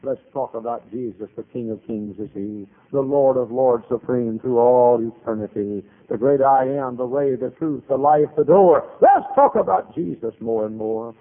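A man preaching a sermon as pastor, animated, dropping to quiet asides and rising to shouted retellings. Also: mid-range voice, normal speed, hardly any pauses. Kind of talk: revival-style sermon. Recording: tinny phone-like old sermon recording.

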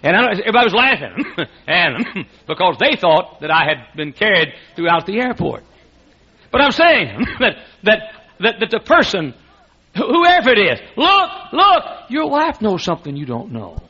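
A man preaching a sermon as pastor, animated and laughing, often restarting his sentences, on a dull lo-fi recording. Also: high voice, moderate pace, slightly rough.

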